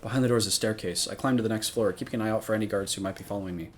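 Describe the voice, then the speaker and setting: Low-voiced man reading game text aloud. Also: very fast, faint music behind. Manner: reads narration dramatically, breaks into casual asides. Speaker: streamer. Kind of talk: reading a visual novel aloud on stream.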